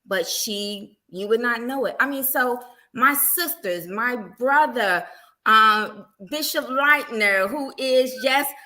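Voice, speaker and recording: Bright-voiced middle-aged woman evangelist. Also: on the high side, takes it slowly. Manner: animated storytelling, acting out everyday quotes. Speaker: guest evangelist. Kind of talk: casual faith testimony.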